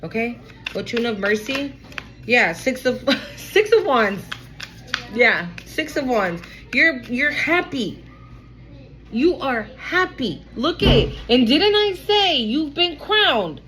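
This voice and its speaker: A woman's voice: high voice, big pitch swings, slow pace, fairly bright tone, faint music behind, poor audio. A woman giving a casual tarot reading to an online audience, blunt, profane and emphatic. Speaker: tarot card reader.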